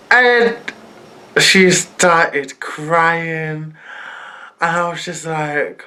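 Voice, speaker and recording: A woman vlogger telling a storytime, animated and laughing as she acts out the other people. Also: low-pitched, drawn-out words, pauses often, a little hiss or hum. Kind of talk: storytime narration.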